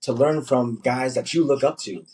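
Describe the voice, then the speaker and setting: Husky young man, animated coach talk. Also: medium pitch, normal speed, low-quality recording. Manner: animated storytelling, acts out quotes. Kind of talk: casual podcast chat.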